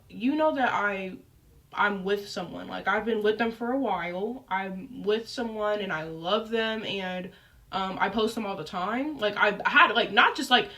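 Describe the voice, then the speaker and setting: A young adult woman telling a personal story in a casual, chatty way, full of fillers and animated asides. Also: on the high side, distant mic. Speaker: storyteller vlogger.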